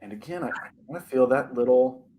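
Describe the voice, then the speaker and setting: A young man co-hosting a podcast, telling a personal spooky story in an animated, dramatic way with many "like" fillers. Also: mid-range voice, moderate pace, a little hiss or hum, rough recording. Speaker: podcast co-host.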